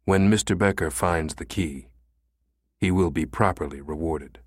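A man voicing a calm, cold American conspirator who talks in a quiet, soothing way in an audiobook. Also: low-pitched, fairly quick, dry recording, studio quality.

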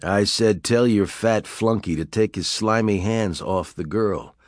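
A man reading an audiobook, voicing a cool, defiant male hero who talks in a calm, dry, cutting way. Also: fairly low pitch, unhurried, no echo, close to an everyday voice.

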